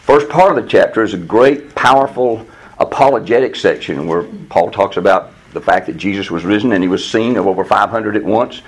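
A man preaching verse by verse through a Bible passage to a congregation, reading the verses slowly and acting out the speakers in them. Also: on the low side, husky, rough recording. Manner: animated, reads verses slowly and acts out voices. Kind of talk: expository Bible teaching.

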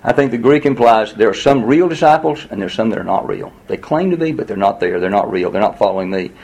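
A man's voice: lowish voice, expressive, fast talker, vocal fry, darkish tone, husky, rough recording. A man teaching verse by verse through a Bible passage in a conversational way, reading the verses aloud and then explaining them. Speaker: pastor teaching a Bible study.

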